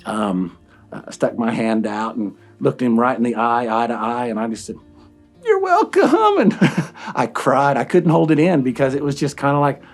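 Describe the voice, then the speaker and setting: A middle-aged man, a company founder telling a personal story, earnest and emotional, halting with fillers. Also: mid-range voice.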